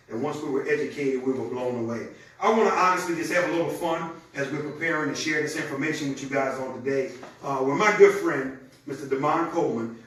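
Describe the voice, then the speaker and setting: A man giving an energetic live sales demonstration, talking straight to his audience in a conversational way. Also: medium pitch. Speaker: presenter of a product demonstration. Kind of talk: live-streamed sales pitch. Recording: very echoey room, distant mic, faint noise.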